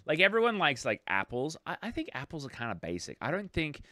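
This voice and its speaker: With a fairly high pitch and a quick pace, a young Australian man rambles through his points as a podcast co-host. The studio-quality recording has no room sound, and his casual talk is animated and full of self-interruptions.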